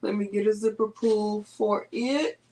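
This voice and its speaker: Slow-talking woman chatting through a sewing project. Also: medium pitch, background noise. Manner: chatty, talks to viewers while working. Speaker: sewing vlogger. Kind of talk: casual sewing tutorial.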